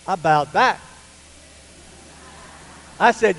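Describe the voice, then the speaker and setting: An older man, a pastor, telling a personal story in a sermon to a church, animated and rising to loud, emphatic peaks. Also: high voice, very slow, long pauses. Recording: hall reverb with faint hum.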